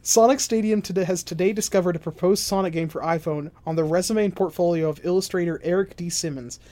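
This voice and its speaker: A young man hosts a casual gaming podcast, jokey and quick to get excited. His voice sits a touch high, and he rattles through news items in a loose, chatty way. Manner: joking, excitable, reads news items aloud. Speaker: podcast host.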